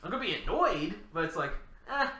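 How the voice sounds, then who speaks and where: Bright, lively young-sounding man chatting. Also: high-pitched, a little fast. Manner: excitable, laughs often, jokey. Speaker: podcast co-host. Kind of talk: casual gaming chat. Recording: echoey room.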